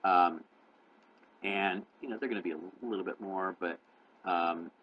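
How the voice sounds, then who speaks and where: A man hosting his own channel, giving casual, rambling cat-care advice full of fillers and restarts, talking fast on purpose. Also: deep voice, highs cut off.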